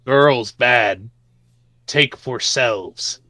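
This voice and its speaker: A player putting on a slow dim-witted brute. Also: medium pitch, bright, forceful tone, dry recording. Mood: dull. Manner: broken, simple speech.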